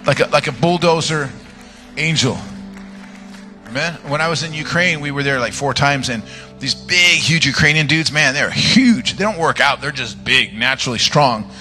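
A man's voice: on the high side, moderate pace, faint music behind. A man preaching a charismatic sermon, telling jokey stories and praying fervently. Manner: animated, joking storyteller, loud fervent praying. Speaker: guest preacher.

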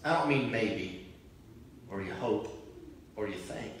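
A man preaching a sermon as pastor, moving between prayer and loud impassioned cries. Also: fairly low pitch, takes it slowly, slight background noise. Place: large church sanctuary. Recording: very echoey church from a distant mic.

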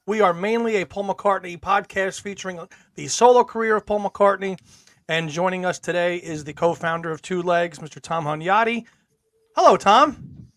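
A man's voice: high-pitched, moderate pace, fairly bright tone, no echo, clean studio sound. A man hosting a podcast, chatting upbeat and casual with guests. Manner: upbeat, chatty, many fillers. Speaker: podcast host.

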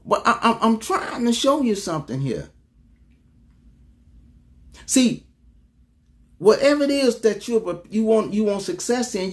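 High-voiced preaching apostle with dramatic swings. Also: male voice. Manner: conversational preaching, calls out to the congregation, swings from loud to low asides. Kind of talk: sermon.

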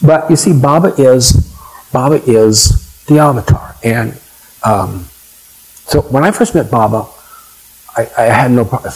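A man's voice: medium pitch, unhurried, pauses often, darkish tone, breathy edge, low-quality recording. An older man telling rambling, chatty stories to a live audience, full of asides. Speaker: storyteller. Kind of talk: anecdotal talk to a live audience.

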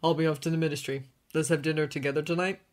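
A woman voicing a calm, good-natured young man who speaks softly, in a fanfiction audiobook reading. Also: deep voice, fast, lightly acted. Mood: cheerful. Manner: calm and soft-spoken.

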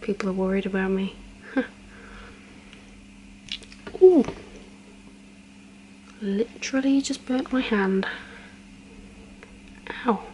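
A young woman in a whispered role-play, chatting softly and counting slowly as she does a friend's hair. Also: mid-range voice, slight background noise, poor audio. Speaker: ASMR creator.

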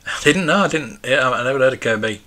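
A man's voice: mid-range voice, expressive, quick pace, sharp tone. A man in his forties, hosting a casual live stream and chatting in a rambling, nostalgic way. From United Kingdom. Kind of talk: casual live-stream chat, reading viewer comments.

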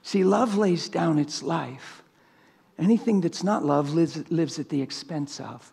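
A man preaching a sermon in a church, impassioned, swinging from loud urgent stretches to hushed, quiet ones. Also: on the high side, unhurried, gravelly, breathy edge. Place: church sanctuary.

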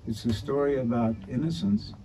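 A man telling a story in a relaxed, conversational way. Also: medium pitch, moderate pace, poor audio. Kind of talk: oral storytelling. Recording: voice from afar over guitar music. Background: guitar music.

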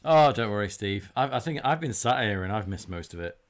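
A man's voice: on the low side, lively intonation, brisk. A man, streaming a video game and chatting in a joking way. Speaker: gaming streamer. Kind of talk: casual game commentary.

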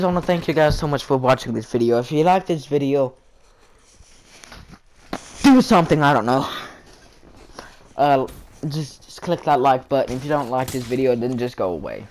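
A male gaming vlogger telling a rambling story in casual chat, full of fillers and the word "freaking". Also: mid-range voice. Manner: chatty, repeats "freaking" and fillers.

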